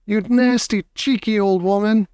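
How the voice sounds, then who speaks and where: A man reading aloud and voicing an angry, blustering father who shouts. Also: mid-range voice, moderate pace, smooth, no echo, clean studio sound, close to an everyday voice.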